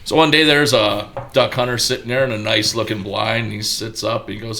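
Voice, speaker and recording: A man in his fifties with a Midwestern accent, chatting as a guest and telling a long joke in a low, drawling way. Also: fairly even intonation, brisk, creaky, few pauses, a little hiss or hum. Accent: Midwestern American. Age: 50s. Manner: drawling storyteller, drops low and quiet for the joke.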